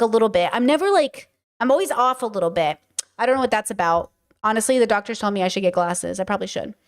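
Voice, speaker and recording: A woman hosting a stream, telling a story in a blunt, profane and animated way. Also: on the high side. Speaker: podcast and stream host. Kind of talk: casual storytelling to a livestream audience.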